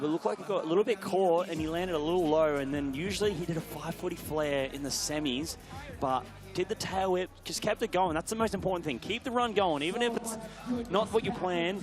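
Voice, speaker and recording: A high-pitched man commentates a live sporting event with bubbling excitement. He breaks into shouts and exclamations whenever a big trick lands. Music plays steadily in the background.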